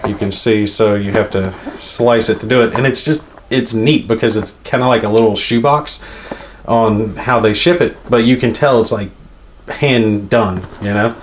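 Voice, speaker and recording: Man, fairly low voice, casual unboxing chat, rambling, thinking aloud, board game host. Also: moderate pace, a little hiss or hum.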